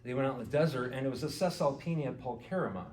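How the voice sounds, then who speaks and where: A man gives a relaxed talk to a live audience, tossing questions to the room and padding his points with "you know". His mid-pitched voice sounds distant, caught by a mic well away from him. The hall echoes around him over a faint hiss. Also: quick pace. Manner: conversational, quizzes the audience, many "you know"s. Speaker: garden club speaker and author. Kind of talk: casual lecture to a live audience. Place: indoor meeting hall with audience. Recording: echoey hall recorded from far off.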